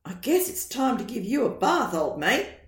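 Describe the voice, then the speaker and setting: A woman's voice: on the high side, very animated, normal speed, far from the mic. A woman with an Australian accent voicing an easygoing father in a storybook, speaking in a laid-back, matter-of-fact way. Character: good-humoured easygoing Aussie dad. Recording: roomy echo.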